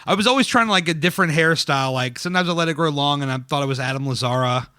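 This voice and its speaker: Chatty man, bright and dry. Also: fairly high pitch, racing, smooth, dry recording. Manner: rambling, self-deprecating, laughs often. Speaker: podcast host. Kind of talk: casual chat. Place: dining room.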